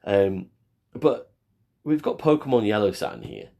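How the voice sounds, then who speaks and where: A man's voice: on the low side, huge pitch swings, unhurried, gravelly, muffled recording. A man co-hosting a podcast, chatting casually in a rambling, self-deprecating way with frequent restarts. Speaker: podcast co-host. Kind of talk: casual chat.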